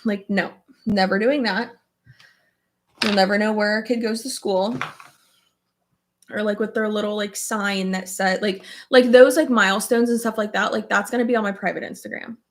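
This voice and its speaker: A woman's voice: medium pitch, fairly even intonation, normal speed. Chatty young woman rambling over makeup. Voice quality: filler-heavy, frequent "like", swears casually. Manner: emotional, tearful at times, laughs often. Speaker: beauty vlogger. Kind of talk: casual chat while doing makeup.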